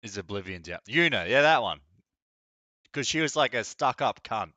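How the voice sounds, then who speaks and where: A man's voice: mid-range voice, expressive, moderate pace, bright, forceful tone, no echo, lo-fi sound. A young man chatting casually on a live gaming stream, blunt, opinionated and mocking. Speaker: game streamer.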